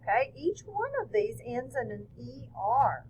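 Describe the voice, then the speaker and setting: A woman's voice: on the high side, sing-song, a little slow, darkish tone, slight background noise, rough recording. A woman teacher explaining a phonics lesson patiently step by step.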